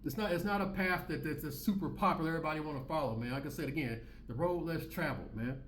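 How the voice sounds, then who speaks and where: A man in his forties hosting his own channel, ranting in loud, profane, repetitive slang. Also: on the high side, quick pace, roomy sound, slight background noise. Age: 40s. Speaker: commentary channel host. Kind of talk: ranting commentary.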